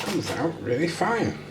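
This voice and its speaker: A man's voice: fairly high pitch, roomy sound, heavy background noise. A British man cooking at home and chatting casually to the camera, making self-deprecating jokes as he goes. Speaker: vlogger. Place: home kitchen.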